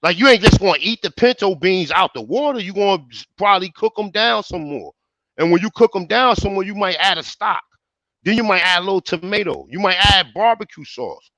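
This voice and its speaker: A man's voice: sits high, animated, a little fast, bright, forceful tone, no echo, rough recording. A man from Newark, New Jersey, a chef calling in, talking casually and insistently, repeating himself and swearing freely. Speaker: chef and call-in guest. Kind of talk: casual live-stream argument.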